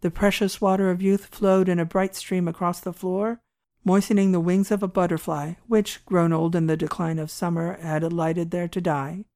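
A woman narrating a classic short story in a measured, expressive storytelling manner. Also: lowish voice. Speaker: audiobook narrator.

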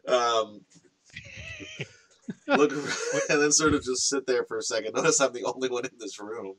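A man's voice: mid-range voice, lively intonation, a little slow, long pauses, fairly bright tone. A man playing a tabletop game, describing his character's actions and laughing. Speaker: player.

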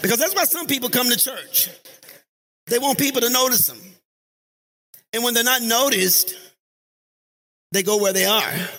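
A man preaching a sermon in church, lively, calling on the congregation and rising to shouts. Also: very high voice, measured pace, long pauses, slight background noise. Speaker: pastor. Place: church sanctuary.

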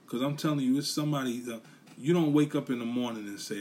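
A man talks straight into his podcast mic, blunt and profane, hammering each point home by repeating it. His voice sits at an ordinary middle pitch. A faint background hum runs under the recording. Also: quick pace, darkish tone. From New York City. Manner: blunt, profane, repetitive ranting. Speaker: podcast host. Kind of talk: casual solo commentary.

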